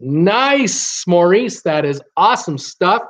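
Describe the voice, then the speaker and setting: A man's voice: high voice, sing-song, slow pace, a bit bright. A man hosting a casual live stream, rambling through viewer comments with lots of "uh" and restarts. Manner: rambling, frequent "uh" and restarts, upbeat replies to viewers. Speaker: YouTube channel host reading live chat.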